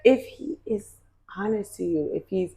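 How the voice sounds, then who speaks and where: Woman, podcast co-host, teasing, laid-back, soft-spoken, middle pitch. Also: normal speed. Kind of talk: casual chat.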